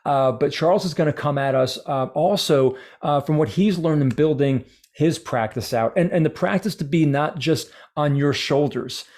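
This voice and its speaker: A man, organizer of a speakers' training program, talking eagerly in a relaxed chat and often restarting his sentences. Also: fairly high pitch, normal speed, few pauses. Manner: eager, many restarts and fillers. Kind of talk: casual video-call chat.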